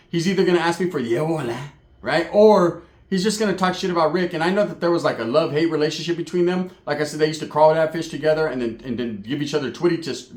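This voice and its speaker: Profane, animated male storyteller in echoey room. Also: on the high side. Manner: profane, animated, mixes in Spanish words. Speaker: storyteller host. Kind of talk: crude comic storytelling.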